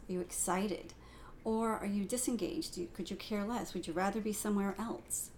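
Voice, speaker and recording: A woman's voice: mid-range voice, dark tone, a little hiss or hum. A middle-aged woman teaching a video lesson on communication, talking directly to the viewer and shifting emphasis across words to demonstrate tone.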